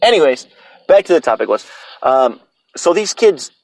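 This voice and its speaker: A man's voice: fairly high pitch, very animated, moderate pace, a little mellow, no room sound, poor audio. Solo podcast host, a man in his thirties, opinionated and profane, with a dry, close sound. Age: 30s. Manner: blunt, profane, opinionated ranting.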